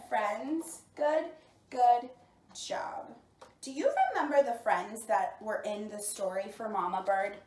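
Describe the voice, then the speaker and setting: A woman leading a bilingual storytime for small children, talking in slow, exaggerated, encouraging teacher tones. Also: sits high, a little mellow. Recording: roomy sound, mic at a distance.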